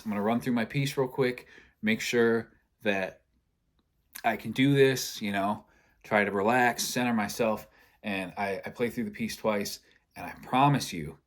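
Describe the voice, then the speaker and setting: A young man from Michigan telling a long story in a casual, animated way, acting out both sides of the conversations. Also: fairly low pitch.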